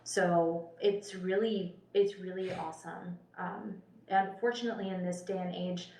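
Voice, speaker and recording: A woman's voice: lowish voice, fairly even intonation, unhurried, a little mellow. A woman, a policy expert guest, talking earnestly and chattily, with many fillers and restarts. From Spokane County, Washington, US. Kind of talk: casual panel conversation. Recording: roomy room, mic at a distance.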